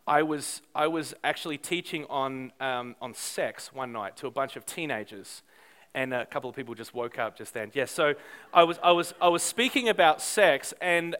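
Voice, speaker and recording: A man in middle age delivering a sermon with a high, bright voice. He tells stories in an animated, self-deprecating way, with a smooth, clear tone and frequent restarts. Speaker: pastor. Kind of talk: sermon storytelling.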